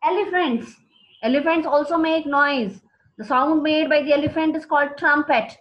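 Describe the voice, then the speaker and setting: A woman teaches students, slowly repeating each key word. Her voice sits high, and the recording sounds muffled and lo-fi. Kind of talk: classroom vocabulary lesson. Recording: dull lo-fi recording.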